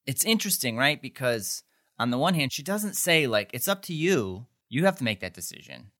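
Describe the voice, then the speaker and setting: With a medium-pitched, pushed and bright voice, a podcast co-host casually recaps a TV episode at a slightly quick pace. He is very animated, rambling and saying "like" constantly while acting out quotes.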